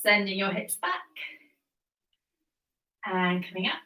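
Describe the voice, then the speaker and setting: A woman leading a Pilates workout, cueing each move calmly and encouragingly, a little out of breath as she exercises along. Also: medium pitch, moderate pace, distant mic. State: slightly out of breath. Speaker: Pilates instructor. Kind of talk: guided workout instruction. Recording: echoey room, voice off-mic.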